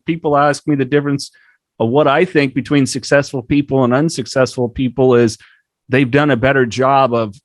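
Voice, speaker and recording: A man hosts a podcast interview in an easygoing, affirming way. His voice sits in a middle pitch and is recorded dry, with no room sound. He talks loosely and leans on fillers as he builds his questions. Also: no room sound. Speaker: podcast host. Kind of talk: interview conversation.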